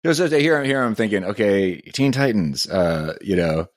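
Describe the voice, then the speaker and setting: Deep-voiced man in easy podcast chat. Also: unhurried, no room sound, clean studio sound. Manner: relaxed, hesitant, lots of restarts. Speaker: podcast co-host.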